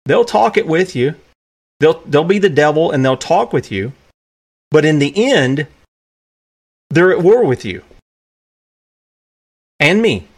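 A man's voice: a little high, very animated, slow, long pauses. Emphatic male commentary host. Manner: emphatic, with restarts and asides. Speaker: podcast host. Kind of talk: solo commentary, reading from documents.

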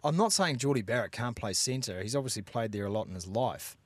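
A man with a New Zealand accent, co-hosting a casual rugby podcast and giving animated, opinionated analysis. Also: medium pitch, a little fast, no echo. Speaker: podcast co-host.

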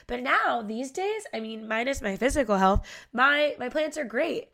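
A woman's voice: high-pitched, expressive, normal speed, creaky, fairly bright tone. A young woman hosting a podcast in casual chat, congested from a head cold, bubbly and gushing with lots of "like". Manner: bubbly, gushing, heavy use of "like". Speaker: podcast host.

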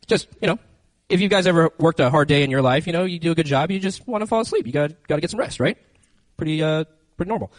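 A man preaching a lively, conversational sermon into a handheld microphone, speaking directly to his listeners. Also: fairly high pitch, fast talker, dry recording, poor audio. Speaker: youth preacher. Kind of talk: lively sermon with acted-out scenes.

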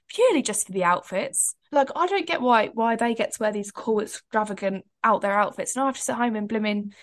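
Bubbly chatty young woman co-host. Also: a little high. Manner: bubbly, chatty, laughs often. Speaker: podcast co-host. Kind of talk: casual chat.

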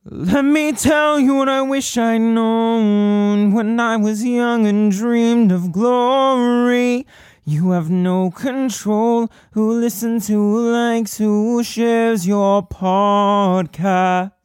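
A man playing a grandiose orator who declaims in a slow, booming, theatrical voice. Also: fairly even intonation, smooth, dry recording, studio quality, faint music behind, exaggerated voice. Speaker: podcast host.

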